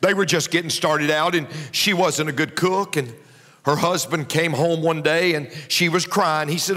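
A man's voice: on the high side, steady tone, moderate pace, sharp tone. A man preaching a sermon as pastor, driving his points home with emphatic repetition. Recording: long hall reverb.

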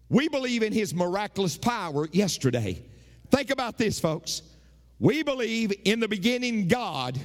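A man from the United States preaching a sermon, animated and folksy, with jokes and repeated refrains. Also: sits high, big-room sound. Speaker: pastor.

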